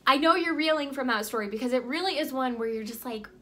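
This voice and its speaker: Bright, high-voiced chatty woman life coach. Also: quick pace. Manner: upbeat and chatty, with frequent "like" and "right?". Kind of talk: motivational vlog storytelling.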